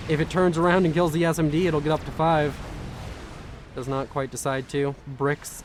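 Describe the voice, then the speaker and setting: A young man casting a strategy video game with quick, chatty, self-mocking commentary, sounding tired. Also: fairly high pitch, noisy background. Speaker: game caster.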